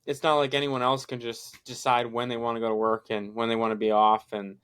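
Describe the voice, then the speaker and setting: A man's voice: medium pitch, little pitch movement, a little fast, fairly bright tone, clear, resonant tone. Riled-up young man ranting about football. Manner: heated, swears, retells conversations. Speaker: podcast co-host. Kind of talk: casual sports chat.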